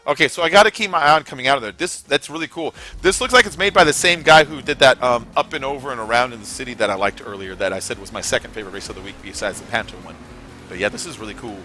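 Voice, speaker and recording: A gaming streamer from California gives loose, rambling commentary while playing a racing game, swearing freely. His medium-pitched voice is bright and forceful.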